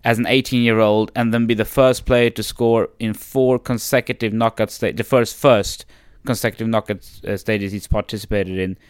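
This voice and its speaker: A man's voice: on the low side, steady tone, smooth, no echo, studio quality. A man co-hosting a casual football chat, teasing and joking with his friends. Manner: teasing, swearing, quick jokes. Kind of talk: casual banter about football.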